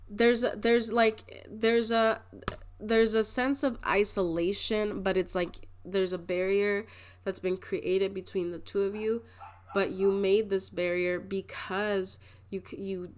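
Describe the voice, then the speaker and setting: A woman's voice: mid-range voice, slight background noise. A young adult woman giving a casual pick-a-card tarot reading, chatty and rambling, often restarting her sentences and laughing. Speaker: tarot reader.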